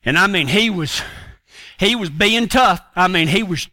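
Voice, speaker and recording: Folksy high-voiced man telling a story. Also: lively intonation, measured pace, pushed and bright, no room sound. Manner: folksy, rambling, earnest. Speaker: preacher and horseman.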